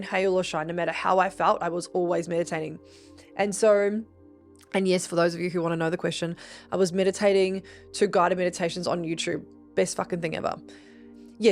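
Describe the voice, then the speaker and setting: A woman host tells a story in a loose, chatty way, jumping up high when she acts out what others said and swearing freely. Her voice sits at a middle pitch, and a faint bed of music plays behind her. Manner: chatty and animated, acting out quotes with big pitch jumps and frequent swearing. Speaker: podcast host. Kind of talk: casual storytelling monologue. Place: Gold Coast region.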